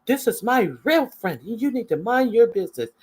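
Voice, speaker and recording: Mocking bit: a man doing a high-pitched, frazzled, whiny woman on a livestream. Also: big pitch swings, normal speed, darkish tone, breathy edge, exaggerated voice. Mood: scolding. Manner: mocking, exaggerated.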